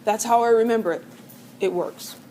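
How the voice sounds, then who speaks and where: A woman's voice: on the high side, fairly even intonation, normal speed, warm tone, a little hiss or hum. A middle-aged woman teaching a chemistry lecture, chatty and joking, with many "um"s and "right?"s. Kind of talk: recorded classroom lecture.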